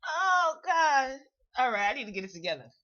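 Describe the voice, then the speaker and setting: A woman's voice: high voice, sing-song, normal speed, sharp tone, lo-fi sound. A woman hosting a casual morning show, retelling reality TV scenes animatedly and laughing often. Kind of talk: casual chat.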